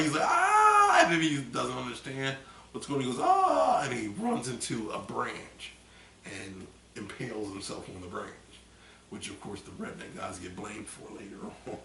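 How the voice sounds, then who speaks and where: A man with a gravelly, bright voice tells a story in a rambling, animated way and lets out loud acted screams along the way. He is a little tipsy from drinking, and he is recorded from a distance in an echoey room with a faint hiss of noise. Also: mid-range voice. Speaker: vlogger. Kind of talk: casual chat.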